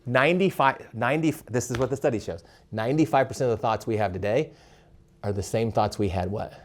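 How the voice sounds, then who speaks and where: A man giving a live leadership workshop, animated, asking the audience questions and stumbling over quick restarts. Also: medium pitch. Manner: animated, asks the crowd questions, stammers on restarts. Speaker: leadership speaker.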